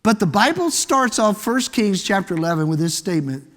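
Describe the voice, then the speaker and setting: In a church sanctuary, a man with a high, expressive voice preaches a sermon at a brisk pace. He is emphatic, repeating words as he builds a point and putting rhetorical questions to the congregation. Long church hall reverb fills the recording.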